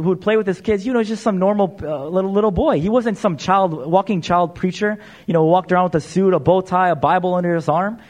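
High-voiced young man preaching. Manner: frequent "uh" fillers, addresses listeners as "you guys". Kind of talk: sermon storytelling.

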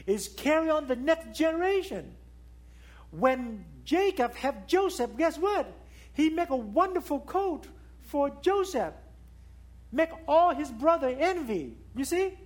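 A man preaching a sermon in non-native English, emphatic and full of rhetorical questions, rising to loud high peaks and dropping to quiet low asides. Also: very animated, measured pace. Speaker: pastor.

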